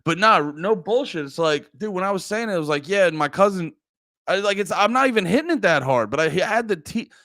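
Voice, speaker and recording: A man's voice: sits high, expressive, a little fast, sharp tone, no room sound. Profane, joking male streamer. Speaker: live streamer. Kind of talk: casual live-stream chat with viewers.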